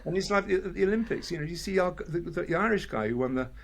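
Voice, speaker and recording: An older man from England chatting as an interview guest, telling lively stories, mimicking voices and laughing often. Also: high-pitched, quick pace, creaky. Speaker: actor guest. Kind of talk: casual interview chat.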